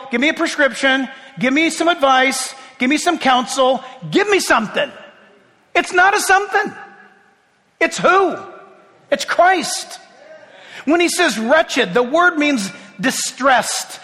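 Man preaching a sermon, very high voice, bright and forceful, long hall reverb, swings hushed to loud. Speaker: pastor.

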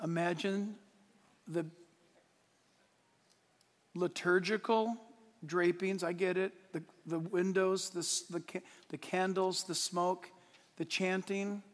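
Pastor, male, very high voice, emphatic sermon delivery, quiet asides to shouts, church sanctuary with long reverb. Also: steady tone, takes it slowly, long pauses. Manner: emphatic, swings from hushed to shouting, laughs at his own points.

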